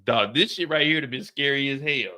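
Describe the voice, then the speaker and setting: A man's voice: mid-range voice, a little fast, sharp tone. A man hosting a casual live reaction stream, talking in loose, profane, slangy banter and laughing often.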